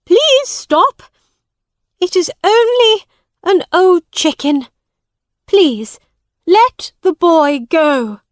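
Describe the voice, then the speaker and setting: A shrill, loud market woman who raises her voice slowly in a dry storybook reading, put on by a woman narrator. Her pitch climbs high and swings widely. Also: very animated, dry recording, full character voice. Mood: pleading. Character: poor market woman, quarrelsome then pleading.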